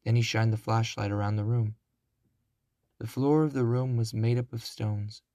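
Slow, deliberate male storybook narrator. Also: medium pitch, mellow, no echo, studio quality. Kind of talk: children's storybook reading.

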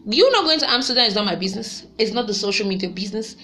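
A young woman chatting casually to her viewers, lively and quick to laugh. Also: medium pitch, slight background noise. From Nigeria. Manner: chatty and animated, laughs often, sings snatches of songs. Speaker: vlogger. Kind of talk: casual vlog chat.

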